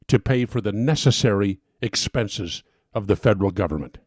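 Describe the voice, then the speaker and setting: A man's voice: lowish voice, animated, moderate pace, darkish tone, breathy edge, no room sound, clean studio sound. A man giving a persuasive talk as an advocate, emphatic and getting worked up as he speaks.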